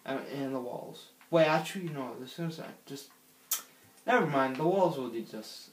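A man's voice: medium pitch, lively intonation, normal speed, a little hiss or hum. A man giving casual gameplay commentary, rambling and giggly, talking to himself while he plays. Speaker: gaming channel host. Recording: roomy echo.

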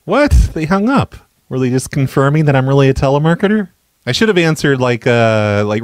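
Stammering deadpan man making prank calls. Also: mid-range voice, fairly quick, dry recording. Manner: stammering, mock-apologetic, deadpan. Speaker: prank caller and show host. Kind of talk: prank phone call comedy.

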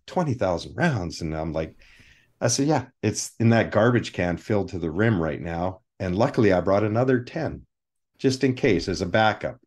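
A man with a fairly low voice tells stories from his years on film sets as an interview guest. He talks with energy, often slipping into the voices of the people he quotes. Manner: animated anecdotes, acts out quoted people. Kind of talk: storytelling interview.

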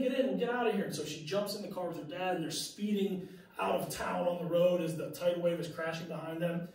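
A man's voice: fairly high pitch, a little mellow, recorded from a distance. A male teacher giving a casual classroom lecture, conversational with fillers and restarts. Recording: very echoey room, mic from afar.

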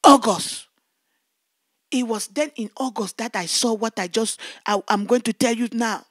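A woman evangelist telling a testimony in fervent preaching, shouting her prayers and recounting events vividly. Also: on the high side, a little slow, no room sound, clean studio sound.

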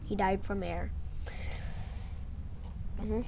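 A woman excitedly recapping a game fight in a rambling play-by-play, often correcting herself. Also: medium pitch, drawn-out words, gravelly. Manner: excitable, self-correcting, mimics characters with shouts. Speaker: gameplay narrator. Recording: noisy home recording.

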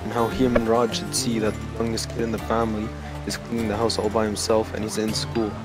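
A man's voice: lowish voice, monotone, brisk. Aggrieved young man arguing insistently. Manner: insistent, aggrieved, keeps pressing his point. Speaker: student. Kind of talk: heated argument. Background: music playing.

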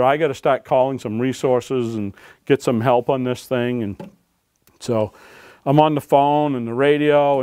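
In a public library talk, a man who writes books and handles search and rescue dogs tells folksy stories to an audience, often checking in with "right?". His voice is medium-pitched and a little mellow, with studio quality and no room sound.

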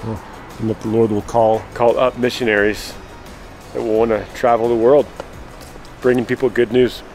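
A man's voice: mid-range voice, level tone, normal speed, pauses often, music in the background, low-quality recording. A man hosting a family vlog, chatting casually and a little out of breath, often restarting his sentences. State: slightly out of breath. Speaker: vlog host and preacher.

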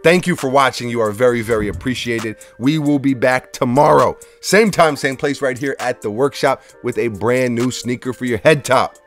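A man's voice: mid-range voice, normal speed, hardly any pauses, soft background music. Laid-back male sneaker vlogger. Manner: laid-back, joking, rambling. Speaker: sneaker reviewer, host. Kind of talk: casual review vlog. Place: workshop studio.

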